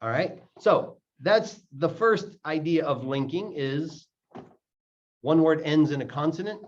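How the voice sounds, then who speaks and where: A man's voice: a little high, expressive. A man teaching English pronunciation, explaining step by step and repeating words to show how they link. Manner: repeats words slowly to demonstrate sounds. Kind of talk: explaining lesson, slow and deliberate. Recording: dull lo-fi audio.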